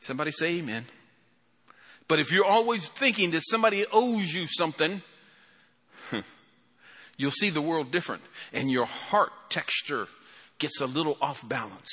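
Slow bright-voiced preacher in a hall. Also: male voice, a little high, sing-song. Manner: impassioned, rising and falling, calls for amen. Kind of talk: sermon.

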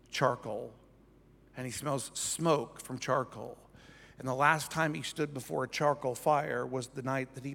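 A man's voice: mid-range voice, creaky, fairly bright tone. A male pastor preaching a conversational sermon who keeps checking in with the congregation by asking "right?". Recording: church hall with long reverb.

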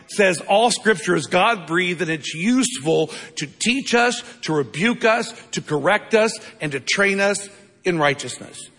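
Older man, pastor, emphatic sermon, husky voice, long echo of a big church. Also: on the high side, bright, forceful tone. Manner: emphatic preaching with rhetorical questions to the congregation. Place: church sanctuary. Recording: long reverb of a large hall.

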